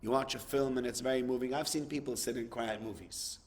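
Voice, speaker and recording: A man's voice: medium pitch, fast talker, in a large hall. A man, a rabbi, giving a conversational sermon, acting out dialogues and repeating words for emphasis.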